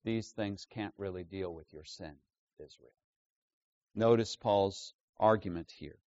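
Preacher, male, slow deliberate teaching sermon, emphatic stresses, slightly dull recording. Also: dry recording. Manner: emphatic teaching, swinging between loud stresses and low asides. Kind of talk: expository sermon.

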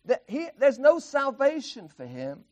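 A man's voice: very high voice, wildly swooping pitch, measured pace, darkish tone. A man preaching an expository sermon, emphatic, often restarting phrases and chuckling.

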